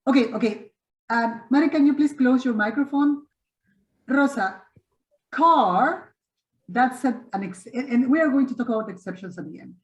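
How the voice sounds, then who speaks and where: A woman's voice: on the high side, lively intonation, moderate pace, echoey room, muffled recording. Encouraging woman teaching English online. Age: middle-aged. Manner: encouraging, repeats and corrects students. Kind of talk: online webinar class. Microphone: video call.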